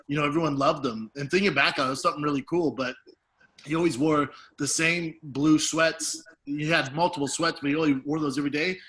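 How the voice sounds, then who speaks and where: A man in his late thirties, co-hosting a podcast and telling embarrassing stories in a casual, profane, animated way, laughing as he goes. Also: on the high side, low-quality recording. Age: 30s. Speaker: podcast co-host. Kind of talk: casual storytelling chat.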